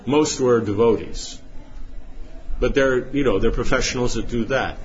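A man's voice: mid-range voice, moderate pace, dull audio, a little hiss or hum. A man giving an informal spiritual class, rambling with many rhetorical questions and asides. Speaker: spiritual teacher.

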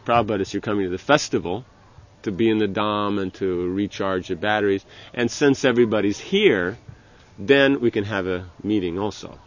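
A man giving an informal religious lecture as a spiritual teacher, talking in a halting way with many restarts and "you know". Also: lowish voice, highs cut off.

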